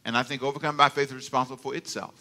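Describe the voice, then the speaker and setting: An older man pastors from the sanctuary, preaching a sermon full of animated stories, laughter, and call-and-response as he asks the congregation for amens. He speaks rapid-fire at a medium pitch.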